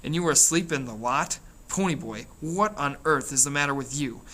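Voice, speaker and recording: A man voicing an angry, strict older brother who shouts and scolds, read aloud from a novel. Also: mid-range voice, animated, normal speed. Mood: scolding.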